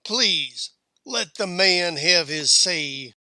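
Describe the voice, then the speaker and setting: A man voicing a tough frontier woman gunslinger with quiet authority, speaking in a dry western drawl. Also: sits high, lively intonation, extremely slow, vocal fry, dry recording, heavily acted.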